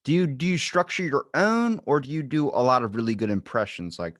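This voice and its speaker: A man's voice: mid-range voice, animated, fairly quick, fairly bright tone. A man hosting a podcast, easygoing and chatting casually in brief replies. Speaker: podcast host.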